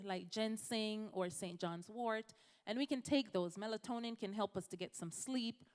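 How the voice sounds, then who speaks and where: Speaking to a church congregation in a big, echoing space, a physician from Jamaica addresses the audience directly in a conversational health talk. Her voice is medium-pitched and smooth.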